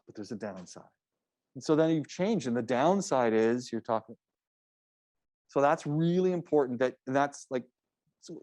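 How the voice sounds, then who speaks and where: A man's voice: fairly high pitch, a little mellow, dry recording. A man teaching a public speaking class, giving feedback in a loose, conversational way with frequent restarts. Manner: conversational, restarts often, coaching tone.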